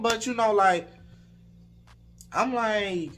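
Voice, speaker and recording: Mężczyzna opowiada anegdotę na vlogu, luźno, z dużą ilością slangu i przekleństw, z zapałem. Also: male voice, sits high, slow, pauses often. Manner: animated, laid-back slang and swearing. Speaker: storytime vlogger. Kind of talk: casual storytelling.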